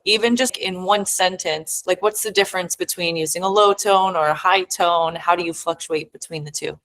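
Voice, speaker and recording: A woman's voice: on the low side, normal speed, a bit bright, low-quality recording. A woman who is a fitness coach, asking questions and sharing her coaching experience in a conversational way. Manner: conversational, reflective, thinks aloud. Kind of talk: coaching panel discussion.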